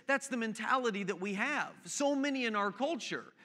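A man's voice: extremely high pitch, animated, unhurried, hardly any pauses, pushed and bright. A man preaching a sermon as pastor, conversational and storytelling, with asides to the congregation. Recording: hall reverb.

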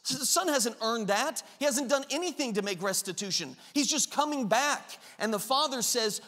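A man preaching with a high, bright, ringing voice. He delivers the sermon with passion and acts out quoted lines with rising force. His words carry a long reverb from a large hall. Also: expressive, normal speed, few pauses. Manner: impassioned, acts out the father's lines with rising intensity. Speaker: pastor.

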